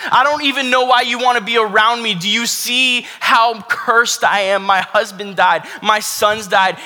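A man voicing a bitter, grieving older woman who insistently pleads with someone to leave her. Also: heavily acted. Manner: pleading, high-pitched and loud. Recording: long hall reverb.

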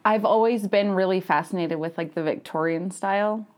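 A woman talks as a guest on a relaxed podcast. She is candid and laughs often, with casual swearing dropped into her answers. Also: medium pitch, moderate pace. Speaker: podcast guest, ghost hunter. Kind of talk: casual chat.

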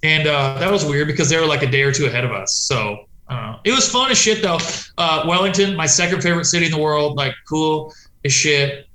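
A man tells road stories in a loose, rambling way, swearing freely and slipping into voices for the people he quotes. His voice sits a little high and sounds bright and forceful. The sound is roomy, with a clear echo. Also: fairly quick, few pauses, slight background noise. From United States. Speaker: touring punk musician guest. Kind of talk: casual storytelling chat.

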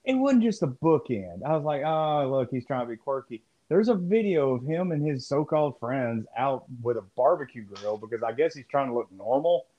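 A man's voice: mid-range voice, animated, moderate pace, hardly any pauses, warm tone. A man co-hosting a podcast in casual chat, rambling and profane as he riffs. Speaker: podcast co-host. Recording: muffled lo-fi audio.

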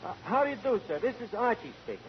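Casting: a scheming wise-guy barkeep, lively highish voice, hissy old radio broadcast. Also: muffled recording. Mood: wisecracking. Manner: brash, fast-talking, mangled grammar. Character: brash fast-talking tavern manager, a scheming wise guy. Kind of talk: 1940s radio comedy.

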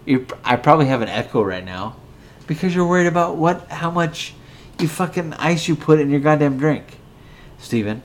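A man's voice: on the high side, lively intonation, normal speed. A drunk man hosting a podcast, rambling and swearing as he bickers with a co-host. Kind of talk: casual drunken rant.

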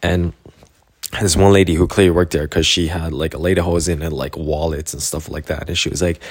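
A young man from Canada rambles through a travel story, laughing and acting out the people he met. His voice sits very low and the recording is dry and close. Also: steady tone, a little fast, husky, no echo. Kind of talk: casual storytelling.

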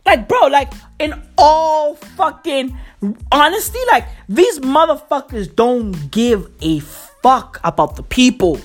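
A woman ranting profanely into a microphone, full of slang, swearing and loud laughter at her own jokes. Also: high voice, animated, slow, faint music behind. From South Africa.

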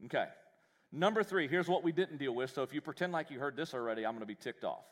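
A man preaching a sermon in a church, folksy and joking, with animated delivery. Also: mid-range voice, quick pace, a little hiss or hum. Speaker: pastor.

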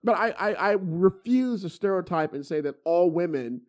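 Middle-aged man, casual chat, profane, animated, stammering restarts, fairly high voice. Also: normal speed.

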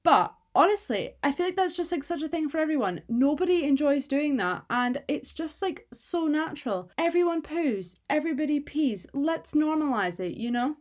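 A young woman from the UK co-hosting a casual chat, talking fast with lots of "like" fillers and the odd swear. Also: high-pitched, animated. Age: young adult. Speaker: podcast co-host.

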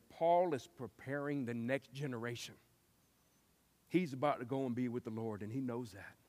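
A man preaching a sermon, telling stories and acting out quotes with lively shifts. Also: mid-range voice. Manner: lively storytelling with acted-out quotes. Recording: long hall reverb.

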